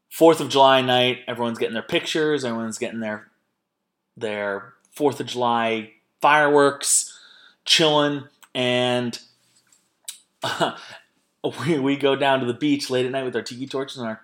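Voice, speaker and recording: A man's voice: mid-range voice, a bit bright. A young man hosting a podcast in casual, rambling chat, laughing often and swearing freely. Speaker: podcast host.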